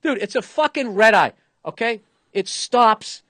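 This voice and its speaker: A middle-aged man with a Boston accent tells a rambling comic story in casual podcast chat, cursing often and slipping into the voices of the people he describes. His voice sits a little high for a man. The sound is close and dry, with no room around it. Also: unhurried, no room sound. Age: 50s. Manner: profane, animated storyteller, acts out other people's lines. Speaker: comedian, podcast host.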